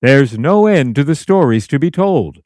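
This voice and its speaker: A man's voice: medium pitch, animated, normal speed. A man hosting a podcast, reading the closing credits in a friendly way. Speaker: podcast host. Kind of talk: scripted outro.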